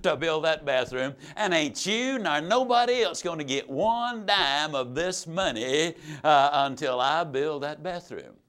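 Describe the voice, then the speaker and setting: A man's voice: a little high, expressive, unhurried, hardly any pauses, a bit bright, clean tone. A proud, stubborn farmer with folksy rural speech, talking earnestly in a slightly raised voice, as a speaker quotes him in a story. He sounds blunt and sure of himself.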